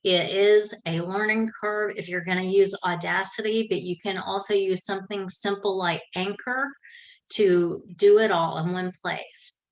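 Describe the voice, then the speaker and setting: A middle-aged South Georgia woman with a Southern drawl gives casual, folksy podcasting tips from her home office while a fan runs. Her mid-range voice is steady and measured, and she's chatty, often correcting herself. The audio quality is poor.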